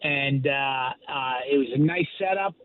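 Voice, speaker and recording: A man's voice: mid-range voice, a little slow, crowd noise. An older man, a stand-up comedian, telling stories in a radio interview with dry, self-deprecating humor and lots of fillers. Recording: tinny phone line.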